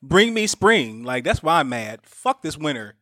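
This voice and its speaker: A man on a podcast, talking in animated slang and complaining with exasperation. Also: a little high, unhurried, dry recording, clean studio sound. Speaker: podcast co-host. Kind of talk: casual chat.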